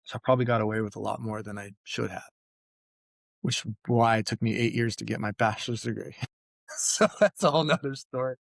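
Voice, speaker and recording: A man's voice: medium pitch, steady tone, fairly quick, creaky, no echo. Candid man telling stories, dry sound. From Fresno, California. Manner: candid, self-deprecating, jokey storyteller. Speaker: mental performance coach, guest. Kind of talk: storytelling in a podcast interview.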